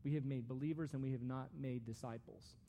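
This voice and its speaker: Mellow-voiced man preaching. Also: mid-range voice, steady tone, a little fast, a little hiss or hum. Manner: conversational, earnest, with restarts. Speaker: pastor. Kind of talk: sermon.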